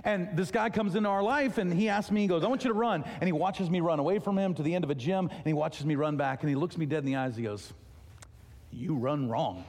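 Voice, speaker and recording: A pastor delivering a sermon, telling a story with lively acted-out dialogue. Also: male voice, a little high, fast talker, hardly any pauses. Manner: animated storytelling, acting out dialogue. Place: church auditorium. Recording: long reverb of a large hall.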